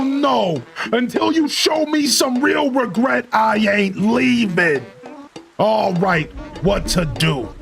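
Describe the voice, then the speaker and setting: A man voicing a grumpy male mole who rants and scolds the player with gruff shouts. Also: very high voice, full character voice. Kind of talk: reading game dialogue aloud in character.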